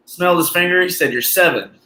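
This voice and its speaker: A man hosting a casual chat, telling a joke in a relaxed, drawling way and saying "y'all". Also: high-pitched, fast. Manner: drawling storyteller with Southern "y'all". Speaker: podcast host. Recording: roomy echo, faint ambience.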